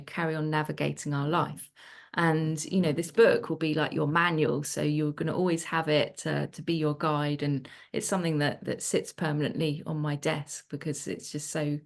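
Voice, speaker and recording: Low-voiced woman coach hosting a webinar. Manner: loose and conversational, many fillers and restarts. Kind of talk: casual webinar explanation.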